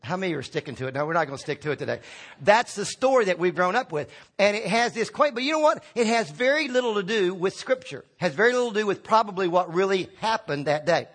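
A man's voice: sits high, animated, fast, a bit bright. A man preaching a sermon as pastor, talking conversationally with restarts and acting out quotes.

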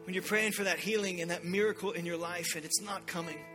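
A man's voice: high-pitched, fairly even intonation, fast talker, music in the background. A man preaching a sermon to a church congregation, urgent and impassioned. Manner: impassioned preaching, acting out God's voice in quotes. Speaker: pastor.

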